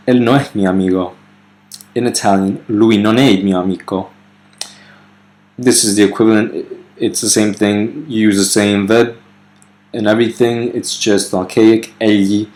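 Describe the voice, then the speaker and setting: A man's voice: lowish voice, darkish tone. A man explaining grammar in a video lesson, loose and unscripted, with fillers and self-corrections, reading foreign example sentences aloud. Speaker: language teacher.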